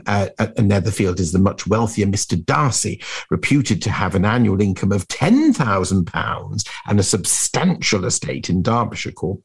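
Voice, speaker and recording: Man, host, casual, hesitant, husky, lowish pitch. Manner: chatty, hesitant, with fillers. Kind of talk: casual introduction of a reading.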